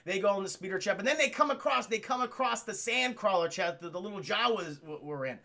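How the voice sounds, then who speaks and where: A young man streaming, retelling a film to his chat in a loose, animated way and swearing often. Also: high voice, fairly quick. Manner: animated, profane, addresses chat. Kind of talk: casual livestream movie retelling.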